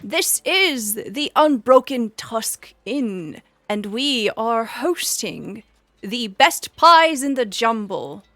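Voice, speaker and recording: A woman voicing a warm, bustling orc woman who sells pies at a festival stall in a tabletop game. She greets people heartily and makes a sales pitch. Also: expressive, slow, dry recording, heavily acted. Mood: welcoming. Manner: hearty and welcoming.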